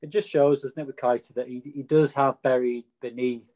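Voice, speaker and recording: A man's voice: mid-range voice, fairly even intonation, a little fast, a little mellow. A man, a co-host giving wry, opinionated takes in a casual football chat. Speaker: podcast co-host.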